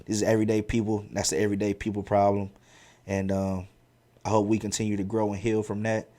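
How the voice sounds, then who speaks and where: A man hosting his own podcast and telling stories from his school years in a slangy, animated, casual way, with many restarts. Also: fairly low pitch, fast. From central Ohio. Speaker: podcast host. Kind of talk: casual storytelling monologue.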